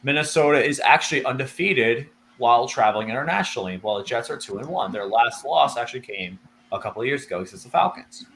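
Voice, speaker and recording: A man's voice: medium pitch, animated, fast talker, creaky, fairly bright tone, a little hiss or hum. A man co-hosting a casual football picks show, talking through stats and correcting himself as he goes. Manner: rambling, self-correcting, laughs easily. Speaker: co-host. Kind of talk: casual sports picks chat.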